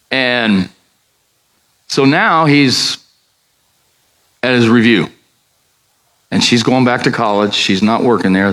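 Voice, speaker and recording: An older man preaching as a pastor, telling a story and acting out the dialogue with sudden high jumps in his voice. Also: low-quality recording. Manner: animated, acts out dialogue with big pitch jumps. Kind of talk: sermon storytelling.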